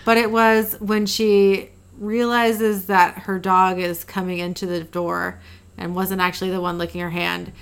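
Gravelly-voiced woman podcast co-host. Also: on the low side, unhurried. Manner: casual, animated retelling, checks in with "you know what I mean". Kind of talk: casual chat.

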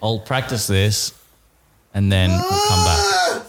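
A man's voice: fairly low pitch, wildly swooping pitch, slow pace, heavy background noise. A man co-hosting a podcast, flustered and swearing as he fumbles a bit. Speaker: podcast co-host. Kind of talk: casual comedy chat.

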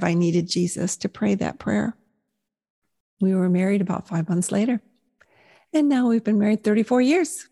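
Gravelly woman in her sixties telling her story. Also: mid-range voice, darkish tone. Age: 60s. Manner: earnest, reflective storytelling. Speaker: speaker sharing her faith story. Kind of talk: personal testimony talk.

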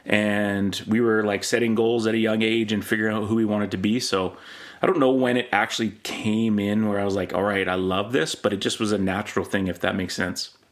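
Low-voiced man telling casual stories. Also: brisk. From Canada. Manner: rambling, animated anecdotes with many fillers. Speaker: podcast host being interviewed. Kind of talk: casual storytelling interview.

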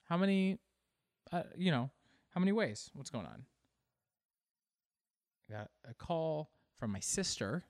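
A man's voice: on the high side, big pitch swings, unhurried, long pauses, a little mellow, dry recording. Male solo podcast host, rambling and self-mocking, curses often, dry close sound. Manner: rambling, self-deprecating, swears freely. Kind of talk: casual solo podcast monologue.

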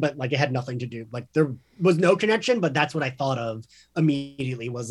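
A man's voice: medium pitch, expressive, fast talker. A man in his thirties co-hosting a podcast, telling rambling stories in a chatty, laughing way. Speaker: podcast co-host. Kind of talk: casual chat, storytelling.

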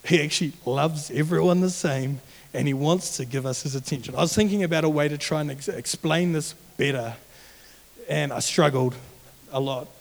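A young man preaches to a youth group in an earnest, animated and conversational way. His voice sits high. It echoes with a long hall reverb. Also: moderate pace, vocal fry. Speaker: youth pastor. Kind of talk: sermon.

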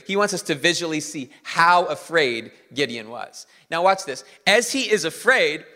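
A man preaching a sermon as pastor, animated and drawing the congregation in. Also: sits high, big-room sound.

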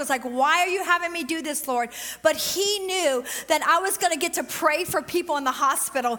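Woman preacher, middle-aged, high bright voice, lively testimony style, long church reverb. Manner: animated storytelling, quick bursts and drawn-out emphasis. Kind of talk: sermon with personal testimony.

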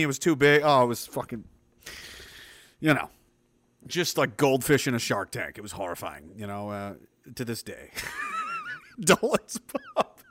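A man in his thirties from New Brunswick talks casually to his stream chat in a bright, forceful voice. He rambles through a profane story, restarting his sentences again and again, and his pitch swings widely. The sound is close and dry, with no room echo.

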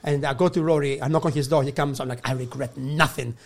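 A man's voice: fairly high pitch, steady tone, very fast, darkish tone. A man, a guest comedian, telling a rowdy story in a casual chat, laughing and swearing as he acts out the people in it.

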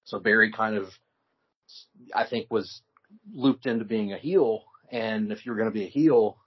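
A man talks casually as a podcast co-host in a husky voice, in relaxed storytelling with frequent restarts. The sound is dull and lo-fi. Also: fairly low pitch, moderate pace. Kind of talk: casual chat. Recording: dull lo-fi recording.

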